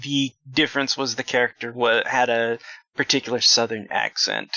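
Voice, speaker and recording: A man's voice: mid-range voice, moderate pace, gravelly, bright, forceful tone, dry recording. A man co-hosting a discussion podcast, wry and quippy, stumbling a little between thoughts. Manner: wry, quips, hesitant. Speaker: podcast co-host. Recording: dry, muffled lo-fi mic.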